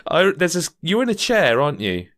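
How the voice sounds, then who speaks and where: A man hosting a podcast, joking and teasing in loose, casual chat. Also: on the high side. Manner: animated and jokey, quick to laugh and tease. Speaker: podcast host.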